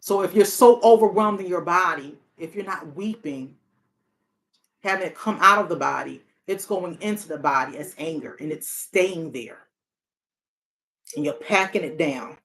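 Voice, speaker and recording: A woman therapist and hotline counselor in a casual, reflective monologue, talking earnestly and often repeating her key phrases. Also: lowish voice.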